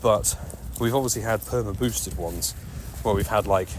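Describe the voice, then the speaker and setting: Loud street noise and passing cars surround a man from the UK who walks outdoors in the city while live-streaming a mobile game. His voice is on the low side at a normal speed, yet his commentary is chatty, excitable and nonstop, in the style of a radio DJ.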